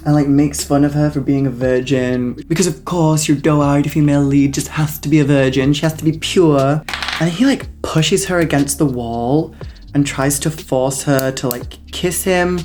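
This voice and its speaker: Young woman, low voice, snarky vlog reviewer, mocking and profane. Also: steady tone, normal speed, a little mellow. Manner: snarky, mocking, peppered with swearing and "like". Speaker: movie reviewer. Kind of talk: casual sarcastic review vlog.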